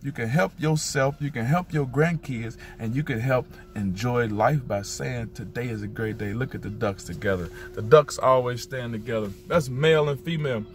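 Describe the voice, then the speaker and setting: A man recording a motivational vlog outdoors by a street on a handheld phone. He repeats affirmations and gives excited running commentary. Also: mid-range voice, moderate pace, few pauses. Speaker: motivational vlogger.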